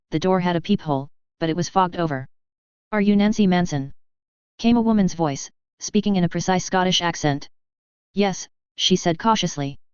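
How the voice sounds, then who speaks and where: A woman narrating a story in a steady, measured reading voice. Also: lowish voice, clean tone, dry recording, lo-fi sound. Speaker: audiobook narrator. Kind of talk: scripted narration.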